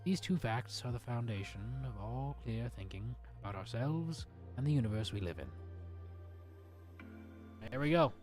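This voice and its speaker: A man reading a book aloud in a deliberate, measured way, using a put-on British accent. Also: mid-range voice, lively intonation, music in the background. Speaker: guest reader.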